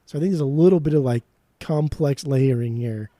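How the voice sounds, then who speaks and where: A man's voice: medium pitch, a little fast, warm tone, no echo. A man co-hosting a podcast, talking bluntly and jokily in casual chat, with plenty of swearing. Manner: blunt, profane, jokey. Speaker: podcast co-host.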